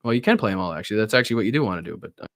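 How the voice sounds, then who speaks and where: A man's voice: lowish voice, lively intonation, very fast, fairly bright tone, dry recording, clean studio sound. Profane, rambling livestream host, man. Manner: profane, rambling, apologetic asides. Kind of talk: casual live commentary.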